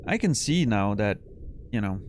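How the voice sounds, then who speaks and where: A man's voice: fairly low pitch, normal speed, noisy background. A tired, yawning man streaming a game, rambling and teasing his viewers in casual chat. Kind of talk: casual chat while playing.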